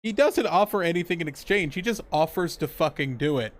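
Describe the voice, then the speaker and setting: A man's voice: on the high side, expressive, brisk. A man casually recapping a TV episode on a podcast, swearing freely and laughing as he acts out characters' lines. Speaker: podcast co-host.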